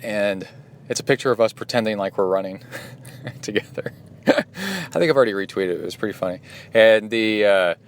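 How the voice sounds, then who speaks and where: A middle-aged man talks casually as a podcast host and coach. His voice sits fairly low, and he rambles with frequent fillers and self-corrections. A faint noise floor runs under the recording. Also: fairly quick, pauses often. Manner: rambling, with many fillers and restarts. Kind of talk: casual solo podcast recap.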